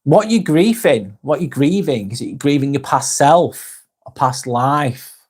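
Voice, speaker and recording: A man with a Northwest English accent chats casually to viewers of his livestream. His voice sits at an ordinary middle pitch. He talks loosely, reads out comments and drops the odd swear word. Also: expressive, measured pace, darkish tone, breathy edge. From Northwest England. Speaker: live vlog host reading chat.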